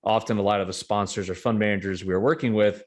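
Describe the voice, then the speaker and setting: Low-voiced man, confident guest. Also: fairly even intonation. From New York. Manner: measured, confident, many fillers and restarts. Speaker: real estate investment guest. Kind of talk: casual interview talk.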